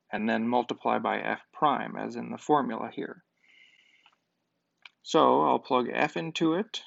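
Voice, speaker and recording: Here a math professor lectures at a board in a gravelly, mid-range voice, building a proof step by step while thinking aloud with the occasional filler. There's no room sound, and the recording comes across as dull, lo-fi and dry.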